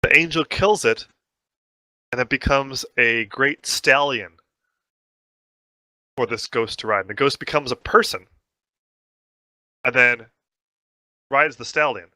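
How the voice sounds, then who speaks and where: A man hosting a casual book discussion, talking it through and reading passages aloud in an animated way. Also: mid-range voice, takes it slowly, long pauses, no room sound. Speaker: host leading a book discussion.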